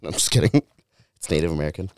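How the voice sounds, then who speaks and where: A man's voice: rumbling low, animated, fast talker, a little mellow, no room sound, studio quality. A man co-hosting a casual podcast, joking crudely and trying out mock accents. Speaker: podcast co-host. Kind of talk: casual banter.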